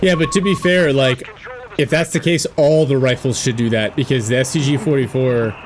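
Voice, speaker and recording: A man's voice: mid-range voice, moderate pace, noisy background. Man casting a war game replay. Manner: relaxed, thinks aloud with fillers and self-mocking asides. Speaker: game caster. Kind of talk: casual esports commentary over a replay. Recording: game battle sounds with gunfire and artillery behind.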